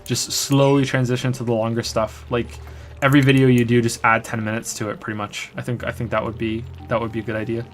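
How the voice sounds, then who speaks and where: A man streaming a game and answering viewer questions in a loose, rambling way, restarting sentences often. His pitch sits in a middle range. Faint music plays behind him. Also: level tone, quick pace. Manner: rambling, many restarts and fillers. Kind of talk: casual live-stream chat while gaming.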